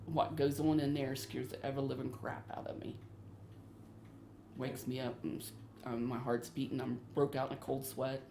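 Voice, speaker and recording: A middle-aged homeowner on a paranormal show anxiously and earnestly recounts frightening things in her home, often repeating herself. Her voice is rumbling low, gravelly and mellow, flat in delivery at normal speed, recorded in an echoey room with faint noise.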